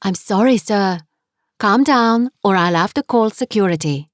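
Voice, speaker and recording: A woman's voice: mid-range voice, lively intonation, unhurried, no echo, clean studio sound, voice pushed up, natural voice. A woman voicing a hospital nurse who speaks firmly and formally. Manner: firm, formal.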